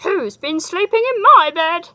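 A woman voicing a mother bear in a storybook reading, howling her lines loudly. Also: very high voice, lively intonation, a little slow, dry recording, dull audio, voice pushed up, full character voice. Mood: indignant. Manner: howling, loud.

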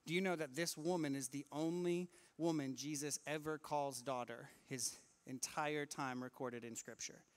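A man preaching a sermon in church, lively and acting out the people in his stories. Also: on the high side, moderate pace, few pauses. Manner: animated, acts out quoted voices. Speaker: pastor.

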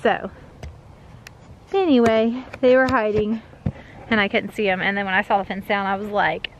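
A woman's voice: medium pitch, fairly even intonation, moderate pace, muffled recording, slight background noise. A woman with a Southern US accent vlogging outdoors on her farm, chatty and out of breath from walking. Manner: chatty, calling out loudly for animals. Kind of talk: casual vlog walking the farm.

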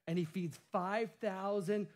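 A man's voice: high-pitched, steady tone, unhurried, a little mellow. A male pastor preaching a sermon with a playful style, cracking jokes and laughing at himself.

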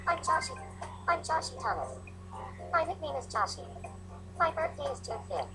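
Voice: high voice, big pitch swings, normal speed, bright, forceful tone, a little hiss or hum, full character voice, low-quality recording. A text-to-speech voice from a game speaking as a chirpy synthetic character, robotic and sing-song.

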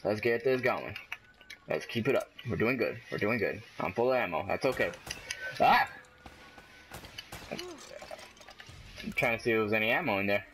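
A man giving casual gameplay commentary, excitable and trash-talking, yelling at enemies and cheering himself on. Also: lowish voice, moderate pace, pauses often, faint music behind. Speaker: gaming commentator.

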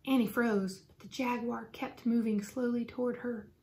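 A woman reading a children's chapter book aloud for students, with clear and expressive storytelling. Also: on the high side, normal speed.

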